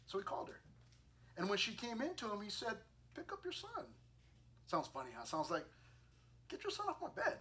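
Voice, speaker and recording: A man's voice: fairly high pitch, sharp tone. A male pastor preaching a sermon, telling a scripture story with acted-out lines and sound effects, then reading scripture and a poem aloud. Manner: reads scripture and poetry aloud.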